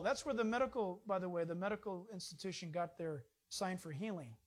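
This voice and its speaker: A man preaching an informal sermon in a folksy, jokey way, swinging from loud bursts to hushed asides. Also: high-pitched, a little fast, few pauses.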